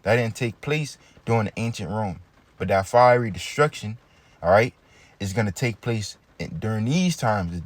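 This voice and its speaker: Low-voiced man teaching scripture. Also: no room sound. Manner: reads verses aloud, checks in with frequent "okay?"; casual, calls listeners "man". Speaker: Bible teacher.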